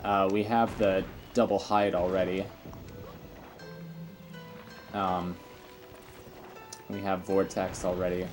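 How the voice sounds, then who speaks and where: A man's voice: low voice, darkish tone. A man giving casual, rambling commentary while playing a video game, with frequent fillers and asides. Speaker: let's play commentator.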